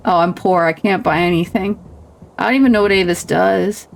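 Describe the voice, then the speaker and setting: A woman's voice: fairly low pitch, a little fast, creaky. A woman streamer chatting casually while reading a game's narration aloud. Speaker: game streamer. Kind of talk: reading and playing a game on stream.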